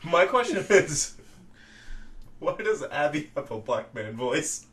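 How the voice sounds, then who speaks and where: Lively, teasing young man co-hosting. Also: on the high side, slow pace. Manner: laughing, teasing banter. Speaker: podcast co-host. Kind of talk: casual podcast chat.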